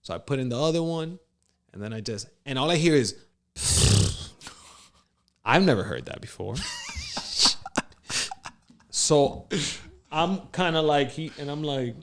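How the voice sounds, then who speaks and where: A man co-hosting a casual podcast, telling a story with lively acted-out quotes and frequent laughs. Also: fairly high pitch, brisk. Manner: animated storyteller, acts out quotes, laughs often. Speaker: podcast co-host.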